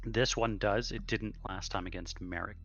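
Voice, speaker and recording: A man narrating a tabletop game as dungeon master, pausing often to search for words, heard over a dull, lo-fi online call. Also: fairly low pitch, steady tone, noisy background.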